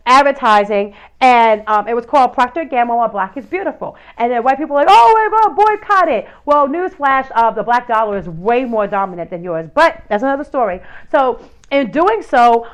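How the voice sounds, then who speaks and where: A woman's voice: high voice, low-quality recording. A woman in her thirties or forties, hosting a talk show and speaking in an impassioned monologue full of rhetorical questions and fillers. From United States. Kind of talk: passionate opinion monologue.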